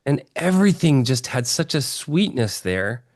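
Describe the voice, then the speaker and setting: Earnest, excitable man from Texas. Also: medium pitch, unhurried, dry recording, clean studio sound. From Texas, USA. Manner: earnest, excitable, often restarts phrases. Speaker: interview guest. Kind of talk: personal storytelling in an interview.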